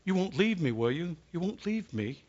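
A man voicing a scared little girl on a phone line, quietly and breathily, in a dull lo-fi recording. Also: sits high, sing-song, moderate pace, pitched above the performer's own voice. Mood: frightened.

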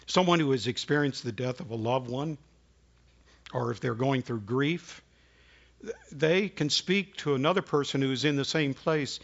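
A man preaching a sermon and telling personal stories, speaking in a halting, earnest way with frequent restarts, coughing now and then. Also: medium pitch, fairly bright tone. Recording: dull lo-fi recording.

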